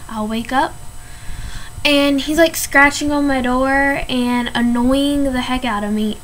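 A woman's voice: high voice, fairly bright tone, slight background noise, low-quality recording. A teenage girl ranting casually in a vlog, chatty and exasperated, full of "like". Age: teens. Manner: chatty, filler-heavy, exasperated. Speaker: vlogger.

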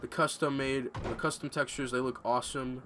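A man's voice: mid-range voice, steady tone, fairly quick, noisy background. A young man giving casual, ranting gameplay commentary at home, swearing freely. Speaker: gamer commentator. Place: home room.

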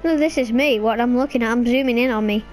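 A woman giving casual, excitable commentary while playing a video game, chatting away and breaking into sudden high squeals. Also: fast talker, faint music behind.

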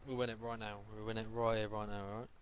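A man casually commenting on his own gameplay, excitable and swearing freely as he calls out plays to his team. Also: fairly low pitch, fast talker. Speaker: gamer recording gameplay. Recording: noisy, keyboard and mouse clicks.

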